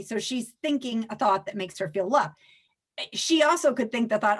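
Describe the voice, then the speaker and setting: A woman's voice: on the high side, normal speed, slightly rough. A woman, a life coach, talking animatedly as a guest in a podcast interview. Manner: animated, acts out little quoted scenes.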